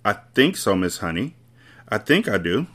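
Man doing a quiet, polite little girl. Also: lowish voice, big pitch swings, normal speed. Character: small, serious, polite five-year-old girl.

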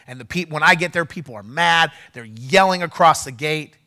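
A male pastor telling a story during a sermon, animated and getting loud when he acts out what was said. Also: fairly high pitch, normal speed. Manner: animated, shouts when acting out quotes. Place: church.

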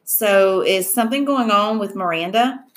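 A woman's voice: mid-range voice, moderate pace, natural voice. A woman voicing a protective middle-aged mother who speaks in an anxious, apologetic way. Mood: decisive.

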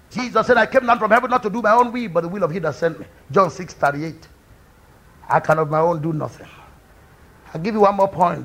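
A man preaching a fervent sermon, swinging from quiet speech to loud cries. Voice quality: high, gravelly and husky, with shouted peaks. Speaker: pastor.

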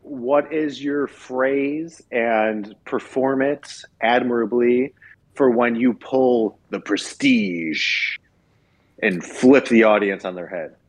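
A man's voice: medium pitch, slow pace. A man co-hosting a casual podcast, playfully egging the others on. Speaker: podcast co-host.

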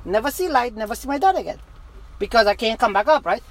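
A man's voice: very high-pitched, very animated, quick pace, slight background noise, poor audio. A man telling an emotional personal testimony to a street interviewer, intense and insistent, repeating himself.

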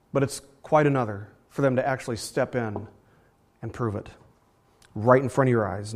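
A man preaching a sermon in an easy, conversational manner. He often doubles back on his words and then pushes his voice up to drive a point home. His pitch sits in the middle range for a man. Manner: conversational preaching, animated emphasis with repeated phrases. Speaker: pastor.

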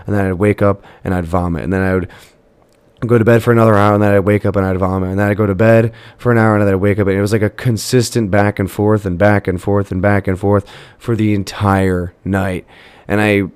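A man's voice: on the low side, brisk, clear, resonant tone, no room sound. A young man hosting a podcast, telling a personal story in a rambling, casual way with many fillers. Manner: rambling, filler-heavy, animated retelling. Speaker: podcast host.

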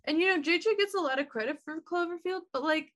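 A woman co-hosting a casual film chat, talkative and quick to laugh, with some swearing. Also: extremely high pitch, fairly bright tone. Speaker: podcast co-host. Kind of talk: casual chat about films.

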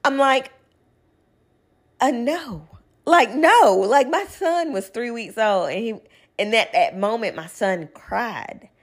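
A woman's voice: on the high side, lively intonation, slow. A young woman, chatting casually at home as she tells a personal story and quotes people's lines. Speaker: vlogger. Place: home living room.

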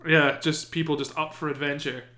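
A man chatting casually as a podcast co-host, animated and swearing, often acting out characters in silly voices. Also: a little high, brisk. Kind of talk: casual chat. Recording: echoey room.

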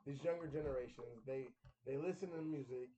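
A man co-hosting a podcast in casual chat, animated and profane, often restarting his sentences. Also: mid-range voice, fairly quick, dull audio, slight background noise. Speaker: podcast co-host. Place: bar.

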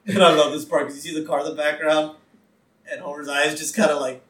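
A man co-hosting a podcast, laughing often as he excitedly recaps a cartoon episode and acts out its lines. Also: fairly high pitch, fast talker, far from the mic. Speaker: podcast co-host. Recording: roomy, off-mic sound.

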